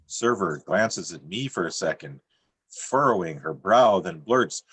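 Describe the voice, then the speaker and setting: Deadpan low-voiced man reading poems. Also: unhurried, breathy edge, no echo. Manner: dry, deadpan delivery with self-mocking jokes. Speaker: featured poet. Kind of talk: poetry reading on a video call. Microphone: computer mic on a video call.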